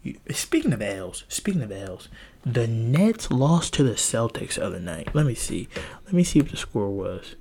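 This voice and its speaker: A young man hosting a solo podcast from home, rambling crudely and mocking himself in an animated way. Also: medium pitch, moderate pace, gravelly, breathy edge. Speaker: podcast host. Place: home with a loud family nearby.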